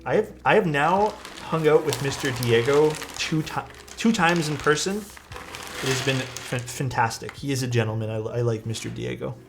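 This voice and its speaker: Man, streamer, relaxed casual chat, answering viewers, faint background music. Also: medium pitch, normal speed, vocal fry. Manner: relaxed, chatty, reads and answers chat while working. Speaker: streamer building a keyboard.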